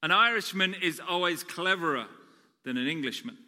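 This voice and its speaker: A cheeky, boastful Irishman from a told joke, as a preacher puts him on. His tone is sharp and bright, and it rings out in the long reverb of a large hall. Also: high voice, lively intonation, moderate pace, heavily acted. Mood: sly.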